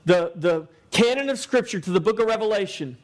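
A man's voice: high-pitched, expressive, a little fast. A man preaching a sermon to a congregation, using an emphatic, repetitive cadence. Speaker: pastor.

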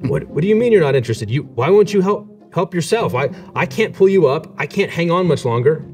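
A man's voice: medium pitch, quick pace, mellow, faint music behind, natural voice. A man voicing an anxious ordinary man stuck holding a rope, pleading and exasperated, his voice raised above his usual talk.

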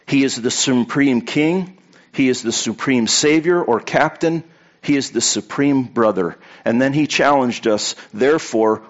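A man's voice: mid-range voice, dull audio. A man preaching a sermon to a congregation in a conversational way, telling anecdotes and repeating key points for emphasis. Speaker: pastor.

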